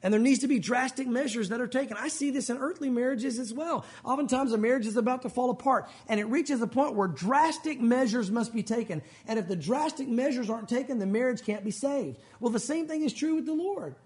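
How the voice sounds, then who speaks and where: A man's voice: extremely high pitch, a little fast, hardly any pauses, darkish tone, slightly rough. A male pastor preaching a sermon at a church service, earnest and emphatic, often asking his listeners rhetorical questions.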